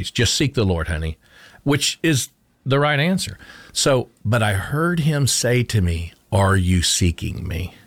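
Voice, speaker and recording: Deep-voiced man telling his story earnestly. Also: no echo. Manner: earnest storytelling with restarts and repetition. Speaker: interview guest, former coach. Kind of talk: personal testimony in conversation.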